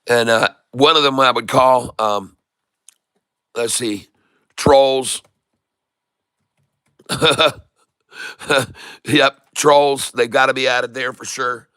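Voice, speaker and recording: Playful male stream host; unhurried delivery, bright tone. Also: mid-range voice, fairly even intonation, clean tone, no room sound, clean studio sound. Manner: playful, jokey hype with kiss sounds and joke French and Spanish; chart-pointing teacher, addresses viewers as folks. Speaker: stock-trading stream host. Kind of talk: live trading stream commentary.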